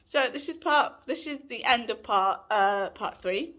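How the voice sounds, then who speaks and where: A woman in her late twenties speaks unhurriedly in a slightly high, fairly bright voice with lively intonation. Recording indoors at home as a vlogger, she tells a personal story to camera, rambling chattily and frequently correcting herself.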